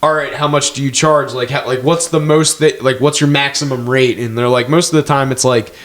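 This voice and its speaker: A man's voice: medium pitch, steady tone, brisk, a bit bright. Guy, podcast co-host, crude rambling anecdotes, lots of swearing. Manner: rambling, profane, laughing storyteller. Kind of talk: crude casual chat.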